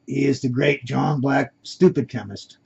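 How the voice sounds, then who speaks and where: A man's voice: medium pitch, steady tone, measured pace, creaky, darkish tone, slight background noise. A man voicing a sarcastic male kidnapper in a red mask, taunting and scornful, on a dull lo-fi recording.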